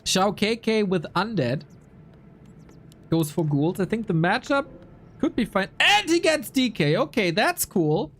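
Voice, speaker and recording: A young man calling a strategy game live, his pitch jumping around animatedly as he shifts between play-by-play and friendly chat with his viewers. He talks casually and reacts on the fly, greeting people in chat mid-sentence. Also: a little slow. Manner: lively, chatty, reacts to viewers mid-commentary. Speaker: esports caster and streamer.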